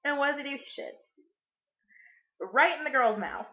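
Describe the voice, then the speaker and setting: Young woman, higher voice, crude sarcastic rambling, echoey room, muffled lo-fi audio. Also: animated, moderate pace. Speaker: vlogger. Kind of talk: casual movie recap vlog.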